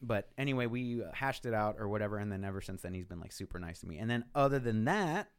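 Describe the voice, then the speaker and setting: A man in casual chat, telling a story in an animated way and swearing freely. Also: fairly low pitch, fast, smooth.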